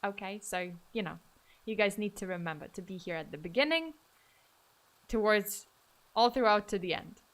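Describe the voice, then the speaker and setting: A woman's voice: mid-range voice, expressive, normal speed, pauses often. A woman streamer chatting casually with her viewers, playful and mock-dramatic, often laughing. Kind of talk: casual livestream chat.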